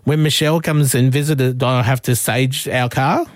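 Australian radio host telling a story, dry studio. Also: male voice, medium pitch, moderate pace, no echo. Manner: animated anecdote, laughs often. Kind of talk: casual storytelling chat.

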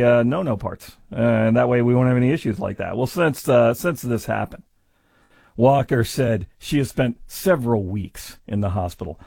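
Brief: sarcastic male commentator, mocking tone, animated pitch, dry close sound. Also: gravelly, dry recording. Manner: sarcastic, mocking, deadpan asides.

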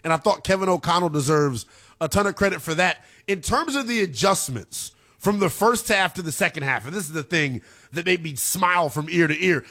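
A man hosting a late-night sports talk radio show, breaking down football stats in a lively, analytical way. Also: sits high. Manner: animated, analytical, talks through stats.

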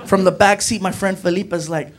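High-voiced male stand-up comedian. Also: brisk. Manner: animated, acts out voices. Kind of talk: stand-up storytelling.

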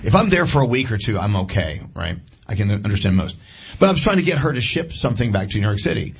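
A man hosting a radio show, telling lively stories in casual chat. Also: on the low side, fast talker, gravelly, slightly rough, highs cut off. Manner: animated storyteller. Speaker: radio host.

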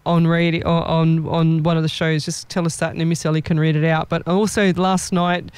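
Smooth-voiced woman telling lively stories. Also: low-pitched, a little fast, no echo. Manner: lively storyteller acting out quoted people. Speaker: psychic medium. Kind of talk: casual chat.

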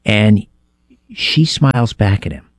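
A man's voice: fairly low pitch, animated, slow pace, no echo. Middle aged radio host guy, chatty storyteller, close dry mic. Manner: conversational, tells anecdotes with restarts. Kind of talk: late-night radio talk. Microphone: studio microphone.

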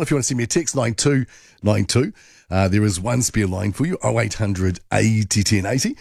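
A man's voice: on the low side, expressive, brisk, gravelly, darkish tone, breathy edge, dry recording, clean studio sound. A man with a New Zealand accent hosting overnight talkback radio, chatty and rambling with many fillers. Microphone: studio microphone.

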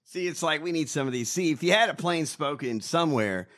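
A man's voice: on the high side, animated, a little fast, a bit bright. A man in casual political podcast chat, mocking and ranting with lots of swearing. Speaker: podcast co-host.

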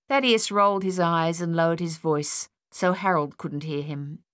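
A woman narrating an audiobook in a steady storytelling manner. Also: low voice, unhurried, hardly any pauses, dry recording, studio quality.

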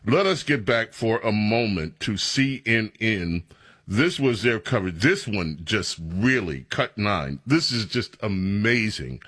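A man's voice: fairly low pitch, lively intonation, measured pace, fairly bright tone, husky. Rambling male talk radio host. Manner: rambling, conversational.

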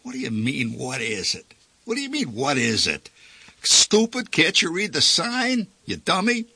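Guy doing a pushy excited dad, blustery, keeps repeating stuff, bright husky voice. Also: mid-range voice, brisk, dry recording, exaggerated voice. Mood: indignant. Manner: eager, blustering, repeats himself. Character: excitable, pushy small-town father.

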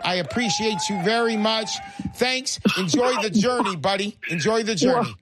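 A man hosting a call-in radio show, talking in a brash, hyped, repetitive sales pitch. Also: normal speed, crowd noise, noisy background.

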